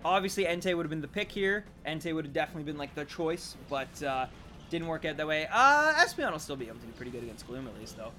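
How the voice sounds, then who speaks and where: A man streaming a video game live, commenting excitedly on his moves and chatting with viewers. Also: a little high, fast, soft background music.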